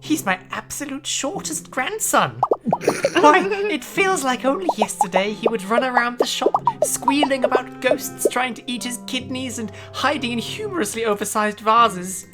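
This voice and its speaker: A woman voicing a chatty elderly female antique shop owner in a put-on British accent, folksy and full of pet names, with loud jazz music behind. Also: on the high side.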